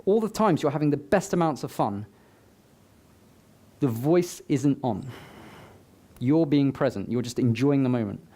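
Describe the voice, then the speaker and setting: Man, motivational stage talk, mellow relaxed tone, chatty, joking asides, live audience event. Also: a little high. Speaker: summit speaker.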